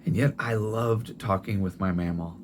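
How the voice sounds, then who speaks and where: A middle-aged man preaching a sermon in a gentle, tender storytelling way, often restarting his phrases. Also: lowish voice, normal speed, slight background noise. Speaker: pastor.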